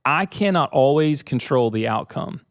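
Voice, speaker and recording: A man's voice: medium pitch, expressive, normal speed, no echo, clean studio sound. A man in his thirties hosting a faith and leadership podcast, talking to listeners in an earnest, conversational way and asking them questions. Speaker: podcast host. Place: studio suite with bookshelves.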